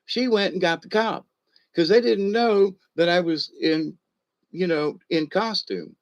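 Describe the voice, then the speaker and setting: A man's voice: high-pitched, a little slow. A man, chuckling as he tells a rambling personal story full of ums and uhs. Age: 60s. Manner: rambling, chuckling, with many fillers.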